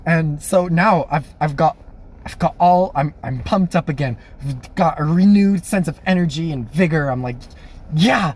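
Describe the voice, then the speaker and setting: A young man casually telling a personal story, animated and laughing, acting out the voices of people he quotes. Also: high voice. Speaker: storyteller vlogger.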